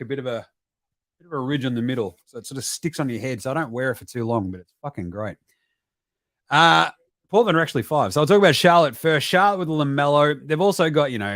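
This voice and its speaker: An Australian man rants about basketball in an animated way, swearing freely and slipping into mocking shouts. His voice sits fairly high for a man. The sound is close and dry, with no room echo. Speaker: basketball podcast host. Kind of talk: profane casual live-stream commentary.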